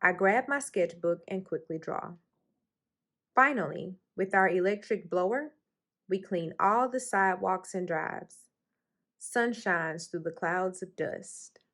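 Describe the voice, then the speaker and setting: A woman's voice: lowish voice, slow, fairly bright tone. A woman reading a children's picture book aloud for storytime, raising her voice expressively for the characters' lines. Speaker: storytime reader.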